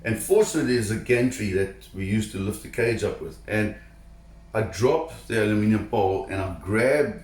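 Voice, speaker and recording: A man telling a personal diving story to camera in an animated, emphatic way, repeating words when excited. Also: lowish voice, moderate pace, roomy sound. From South Africa. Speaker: shark diver telling a story.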